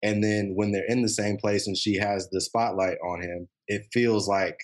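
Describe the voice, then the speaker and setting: A man's voice: on the low side, level tone, normal speed. A man co-hosting a podcast, chatting casually and rambling with many fillers about a TV show. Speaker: podcast co-host.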